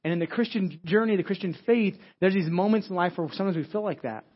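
Fast-talking pastor with a dull, lo-fi sound. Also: male voice, high voice. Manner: conversational, repeats words and restarts, frequent "right?". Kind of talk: sermon. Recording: dull lo-fi audio.

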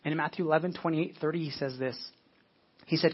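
Husky-voiced man preaching a sermon. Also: fairly high pitch, steady tone, fast, highs cut off. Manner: earnest, repeats words while searching for them. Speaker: pastor.

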